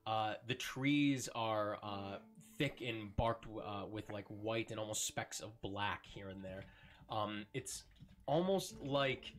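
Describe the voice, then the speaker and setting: A man running a tabletop game as game master, describing scenes slowly with many ums and likes. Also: lowish voice, a bit bright.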